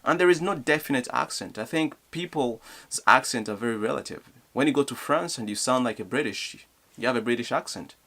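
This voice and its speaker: A man's voice: mid-range voice, expressive, brisk, bright, forceful tone. Earnest Congolese-accented man encouraging viewers. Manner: earnest and encouraging, asks rhetorical questions. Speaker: youth speaker. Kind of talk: motivational vlog.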